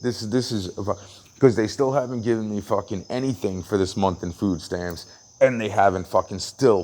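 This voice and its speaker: This vlogger's low, slightly mellow voice carries a long, ranting monologue full of heavy swearing, constant sentence restarts, and acted-out quotes. He's outside at a train station at night, with slight background noise.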